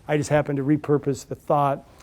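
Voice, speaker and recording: A man's voice: fairly high pitch, monotone, fairly quick, a little mellow. A middle-aged man giving a storytelling talk to a live audience, chatty and anecdotal with frequent fillers and restarts. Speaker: speaker at a business event.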